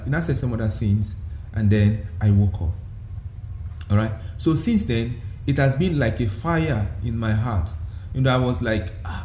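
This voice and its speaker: A man's voice: mid-range voice, dark tone. A man who is a church leader, speaking direct to camera in a repetitive way and often saying "all right". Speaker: church leader sharing a dream. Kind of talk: direct-to-camera religious talk. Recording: echoey room with faint background noise.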